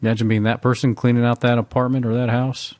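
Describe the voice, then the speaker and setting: A man's voice: mid-range voice, level tone, fast, a little mellow, no echo. A man co-hosting a podcast, talking in a laid-back, casual way. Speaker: podcast co-host. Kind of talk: casual chat.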